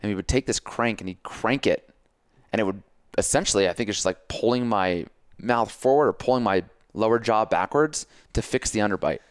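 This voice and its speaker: A man hosting a casual podcast chat, coaching and telling stories in an animated way, acting out his own self-talk. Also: on the low side, brisk, clean tone, no room sound, clean studio sound. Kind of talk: casual conversation.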